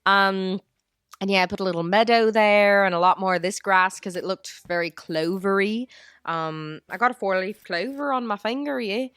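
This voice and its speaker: A woman's voice: medium pitch, moderate pace, fairly bright tone, smooth, dry recording, clean studio sound, natural voice. A woman putting on a playful mock Irish accent while chatting about her game build. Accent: put-on Irish. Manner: playful, self-mocking, rambling.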